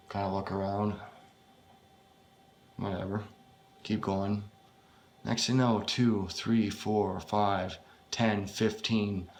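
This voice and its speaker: A man with a fairly low voice reads his own first-person horror story aloud in a halting, unpolished way, swearing frequently. A little hiss or hum can be heard.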